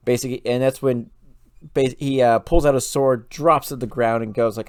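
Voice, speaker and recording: A man's voice: medium pitch, steady tone, brisk, a little mellow, clean tone, no echo, studio quality. A man hosting a lore channel, retelling a story casually with loose fillers and restarts.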